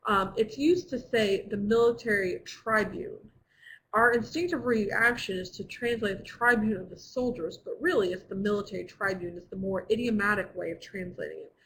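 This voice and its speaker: A woman's voice: medium pitch, moderate pace, fairly bright tone, slight background noise, poor audio. Patient woman teaching an online Latin class. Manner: patient, explanatory, with frequent fillers.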